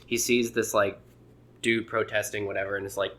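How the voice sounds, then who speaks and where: Brief: quick, bright man, slightly low voice, rambling casual chat, slips into voices for jokes. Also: little pitch movement. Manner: rambling, acts out voices when retelling jokes. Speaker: podcast co-host and amateur comedian.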